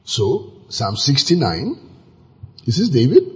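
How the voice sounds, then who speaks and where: A man preaching a sermon, animated and acting out scenes with sudden exclamations, his voice very husky. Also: medium pitch, slow pace.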